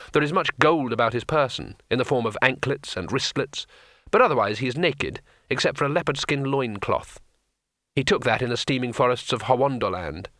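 A man's voice: medium pitch, sharp tone, dry recording. A man narrating an audiobook in a dry, wry storytelling manner.

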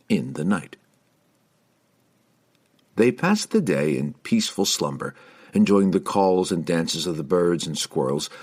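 Low voiced guy reading an audiobook, really lively delivery. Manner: expressive reading, shifting into character voices. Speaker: narrator. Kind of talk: scripted audiobook narration.

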